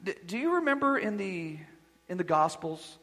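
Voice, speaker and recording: A pastor preaching a sermon with emphasis, moving between quiet asides and loud declarations. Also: male voice, high voice, big pitch swings, normal speed, big-room sound.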